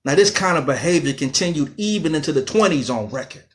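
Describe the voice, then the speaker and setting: A man hosting an internet radio talk show, delivering a fiery, emphatic lecture that swings from loud outbursts to low, intense passages. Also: expressive, fast. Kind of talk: impassioned lecture.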